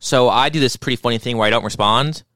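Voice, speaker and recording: A man's voice: medium pitch, quick pace, pushed and bright, no echo. A young man telling rambling, profane stories in casual comedic chat. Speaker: podcast co-host.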